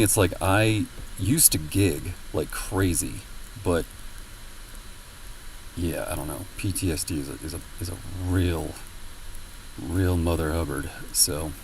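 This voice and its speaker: A man's voice: low-pitched, a little mellow, far from the mic, a little hiss or hum, poor audio. A man streaming and chatting casually with viewers, rambling with many fillers and a lot of swearing. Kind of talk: casual chat with viewers while gaming.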